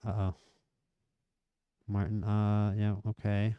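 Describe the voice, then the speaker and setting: Male game streamer with a low, smooth voice, chatty live match commentary, excitable at big moments. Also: moderate pace, dry recording, lo-fi sound. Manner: chatty, excitable at near misses and goals.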